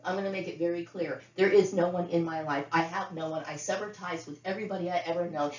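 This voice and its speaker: A middle-aged woman speaking in a fairly low voice, ranting bluntly and profanely and circling back to the same points. Her words ring around a roomy space. The sound is dull and lo-fi. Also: steady tone, quick pace. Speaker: vlogger. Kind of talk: unscripted monologue to camera.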